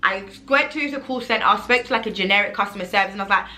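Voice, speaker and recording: A young woman telling a casual vlog story, animated and expressive, acting out what she said and using "like" often. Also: mid-range voice, racing. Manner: animated, acts out her own quoted pleas, says like a lot. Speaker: online seller and vlogger.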